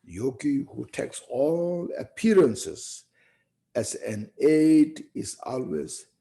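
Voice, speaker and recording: A male Buddhist teacher with a dark, mid-range voice and a gravelly, creaky edge gives an animated Dharma talk. His pace is slow and deliberate, his tone reflective, and he repeatedly caps his points with "you see" and "you know."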